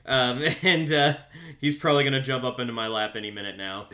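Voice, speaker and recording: A man's voice: medium pitch, fairly quick, sharp tone. A man casually recapping a TV episode as a podcast co-host, rambling with many fillers and restarts, at home with his cat nearby. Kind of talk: casual show recap chat.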